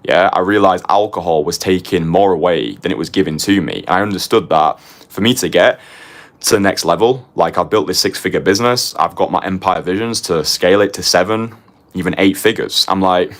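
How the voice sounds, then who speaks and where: A man's voice: low voice, fairly quick, fairly bright tone. A young man teaching a motivational course as a dating coach, confessional and punchy, tagging his points with "right?" and casually swearing.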